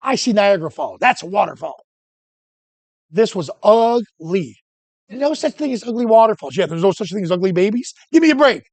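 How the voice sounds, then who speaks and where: A man teaching photography who tells animated, joking stories and keeps breaking off and restarting his sentences. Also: high voice, brisk, dry recording. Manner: animated anecdotes, self-interrupting, joking. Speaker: photography instructor. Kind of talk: storytelling during a workshop lesson.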